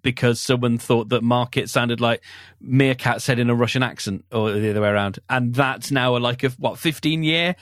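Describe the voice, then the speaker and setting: A man's voice: mid-range voice, normal speed, no room sound, studio quality. A man in a casual interview, talking hesitantly with many restarts and a wry humour.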